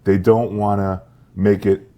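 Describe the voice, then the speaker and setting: A slightly hoarse man co-hosting a casual comedy podcast and telling rambling stories. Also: on the low side, little pitch movement, unhurried, warm tone. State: slightly hoarse after a chest infection.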